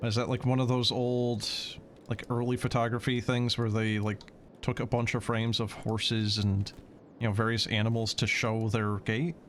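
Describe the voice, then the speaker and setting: A man's voice: mid-range voice, level tone, normal speed, a little hiss or hum. A man streaming a game in casual chat, sarcastic and swearing as he answers chat.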